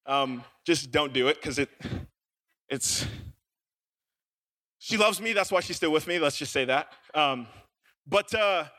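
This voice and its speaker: A young male youth pastor with a high, bright voice delivers his sermon as a loose, joking story. He tells it with plenty of filler words and an animated, conversational energy. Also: a little slow, long pauses.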